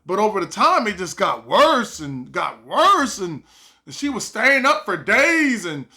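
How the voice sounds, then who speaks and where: A man casually telling a personal story to camera, animated and full of quoted back-and-forth dialogue. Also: high-pitched, a little slow. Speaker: vlogger.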